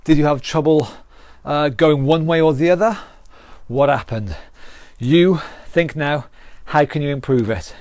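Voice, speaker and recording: An encouraging British man coaching a live online fitness class. His voice sits a touch high, recorded close and dry with no room around it. He counts down rounds and cheers on the effort, sometimes catching his breath. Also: a little slow, darkish tone, dry recording. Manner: upbeat, encouraging counting and cueing. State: out of breath after exercise. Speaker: fitness instructor.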